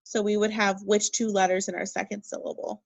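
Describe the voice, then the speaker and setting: A woman teaching a second grade phonics lesson, speaking slowly and encouragingly and spelling words out letter by letter. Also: mid-range voice, level tone, creaky, no echo, poor audio. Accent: Minnesota. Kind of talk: recorded remote phonics lesson.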